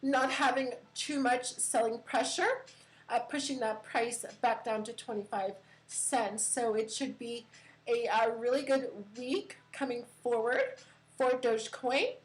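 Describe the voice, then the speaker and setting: A woman's voice: fairly high pitch, measured pace, rough recording. A woman hosting a casual crypto live stream from her computer, chatty with many fillers and giggles.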